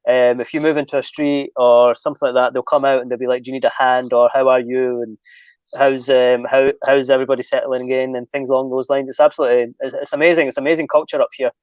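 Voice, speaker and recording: Man in relaxed panel chat, dry sound. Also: mid-range voice, fast, no echo, lo-fi sound. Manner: relaxed, chatty, laughs easily. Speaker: host.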